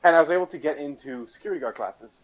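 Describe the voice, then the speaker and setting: A man's voice: a little high, lively intonation, very fast, dull audio. A young man on a casual podcast chat, telling a story in a joking, rambling way and restarting his sentences. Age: young adult.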